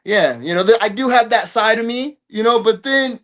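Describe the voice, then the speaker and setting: A man's voice: high-pitched, brisk, fairly bright tone. A man talking casually as an interview guest, rambling and swearing, with lots of fillers. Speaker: guest fighter.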